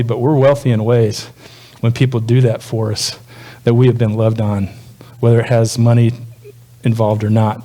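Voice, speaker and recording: Mellow-voiced man preaching casually. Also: mid-range voice. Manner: conversational, folksy preaching. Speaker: pastor. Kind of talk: sermon.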